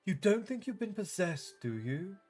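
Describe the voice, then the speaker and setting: A man reading aloud, putting on the voice of a brisk, impatient teenage witch girl who sounds urgent and bossy. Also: sits high, big pitch swings, a little mellow, faint music behind, pitched above the performer's own voice. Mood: insistent.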